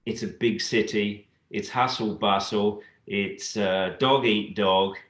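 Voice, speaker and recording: A man being interviewed as a guest in a casual chat, talking in a relaxed, halting way with frequent restarts. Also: lowish voice, reverberant. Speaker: guest, dance adjudicator.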